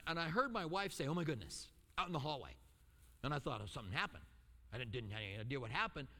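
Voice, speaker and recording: Animated preacher man, bright voice, echoey hall. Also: medium pitch. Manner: animated storytelling with acted-out quotes and asides. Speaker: pastor. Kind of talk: sermon.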